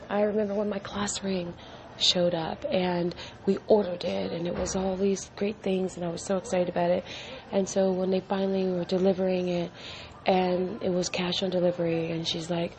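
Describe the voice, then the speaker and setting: Earnest woman with a gravelly voice. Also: fairly low pitch, steady tone, normal speed, noisy background. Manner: emotional, earnest, repeats phrases for emphasis. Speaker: podcast host. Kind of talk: personal storytelling monologue.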